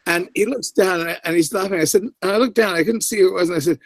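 A middle-aged man, an actor guest on a podcast, telling an anecdote in an animated way and acting out the voices of the people he quotes. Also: fast talker, no echo. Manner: animated, acts out quoted voices with big pitch jumps. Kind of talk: anecdotal storytelling.

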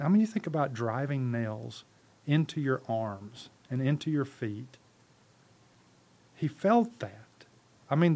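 A man's voice: medium pitch, a little mellow. A man speaking as a podcast guest, preaching in an impassioned, conversational way with rhetorical questions and repeated words. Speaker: podcast guest, ministry leader.

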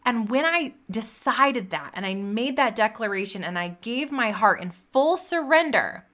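Earnest woman with a bright voice. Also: on the high side, animated, unhurried. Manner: earnest, emphatic repetition of phrases. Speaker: podcast host. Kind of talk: faith-based motivational talk.

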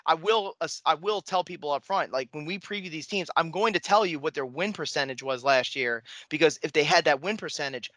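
A man's voice: on the high side, fairly quick, few pauses, bright, forceful tone, no room sound. A man co-hosting a sports podcast in casual chat, joking and rambling as he corrects himself along the way. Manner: jokey, rambling, self-correcting. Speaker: podcast co-host.

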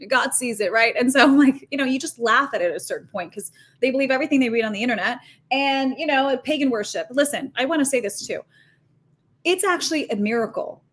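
A woman guest on a faith podcast, talking in an animated, emphatic, preachy way, fast and full of restarts. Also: high voice. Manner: talks fast with many restarts and fillers. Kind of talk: faith-based podcast conversation.

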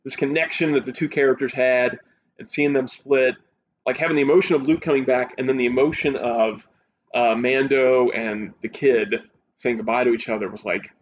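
A man talks in relaxed casual chat and grows more excited as he retells the scenes he loved. His voice rises sharply when he gets carried away. The recording is a little dull, with a faint hiss underneath. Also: medium pitch, moderate pace. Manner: excited, animated recounting of a show.

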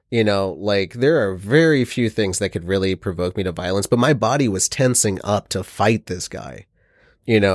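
A man's voice: on the low side, dry recording, studio quality. A man in casual chat, telling an earnest, rambling account.

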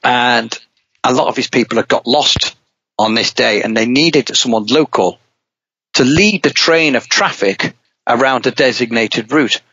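A middle-aged man at a middle pitch spins a long, casual story from his racing days, lively and rambling, often restarting his sentences. The sound is dull and lo-fi in a dry, close space. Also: a little slow, husky, dry recording. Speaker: rally driver guest. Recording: dull, dry podcast audio.

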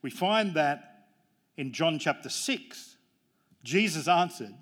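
Pastor, male, slightly high voice, jokey storyteller who climbs in pitch to hammer home a point. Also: lively intonation, takes it slowly, a bit bright. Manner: jokey, storytelling preacher with emphatic rises. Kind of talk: sermon.

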